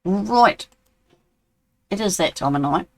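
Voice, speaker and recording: A man's voice: sits high, expressive, slow pace, creaky, darkish tone, no room sound, rough recording. A man in his sixties with a New Zealand accent, chatting casually with viewers while streaming a game and answering their messages. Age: 60s. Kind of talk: casual live-stream chat.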